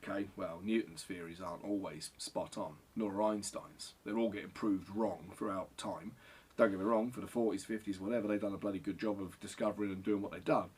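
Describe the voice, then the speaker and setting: A man's voice: low-pitched, fairly even intonation, brisk, a little mellow, slightly rough. A middle-aged man answering viewer questions in a casual, rambling vlog, sweary and self-deprecating. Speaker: photographer and vlogger.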